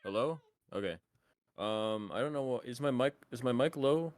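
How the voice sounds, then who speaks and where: A man's voice: medium pitch, expressive, moderate pace, no echo. A man with a New York accent chatting over voice call, joking and rambling. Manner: joking, rambling, self-deprecating. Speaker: guest on voice call. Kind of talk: casual stream chat.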